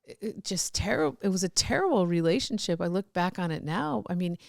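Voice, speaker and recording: A woman's voice: fairly low pitch, animated, fairly quick, creaky, dry recording, studio quality. A middle-aged woman telling candid personal stories as a podcast guest, rambling with restarts and laughs.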